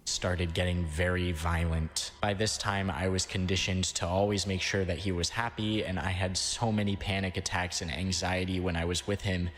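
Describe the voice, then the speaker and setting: A man narrating a first-person account in a steady, somber scripted read. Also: deep voice, moderate pace, few pauses. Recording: long reverb, faint background noise.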